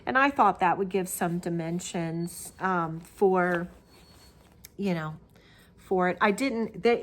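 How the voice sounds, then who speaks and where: A woman's voice: mid-range voice, slight background noise. A middle-aged woman chats through a casual show-and-tell crafting vlog. She rambles, restarts her sentences and fills gaps with "um". It sounds like a camera mic in her crafting room at home. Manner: chatty, rambling, with many fillers and restarts. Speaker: Flosstube host.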